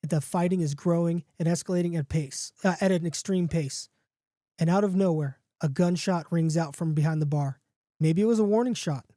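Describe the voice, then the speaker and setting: Mellow-voiced man reading a comic horror story. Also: a little high, moderate pace, no echo, studio quality. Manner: casual, jokey, with restarts and asides. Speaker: podcast host.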